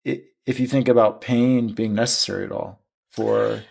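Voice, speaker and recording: Gravelly-voiced man hosting an interview. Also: lowish voice, steady tone, moderate pace, a little mellow. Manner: hesitant, many fillers and restarts. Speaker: podcast host. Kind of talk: conversational interview.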